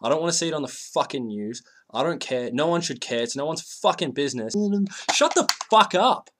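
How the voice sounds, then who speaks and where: A man's voice: mid-range voice, fast talker, noisy background. A man in a played video clip, ranting crudely with constant swearing in an abrasive comic style. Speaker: video ranter. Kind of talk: profane comic rant.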